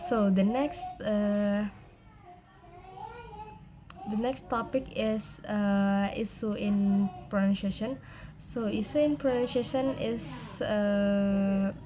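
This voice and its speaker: A young woman with an Indonesian accent giving a class presentation, halting, with many fillers and restarts. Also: mid-range voice. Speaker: student presenter.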